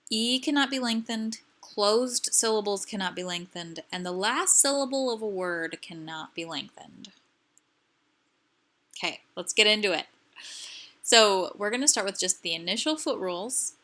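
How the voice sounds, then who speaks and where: Woman instructor, mid-pitched, bright tone, clear patient explanations over slides. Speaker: language teacher presenting. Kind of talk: recorded slide lecture.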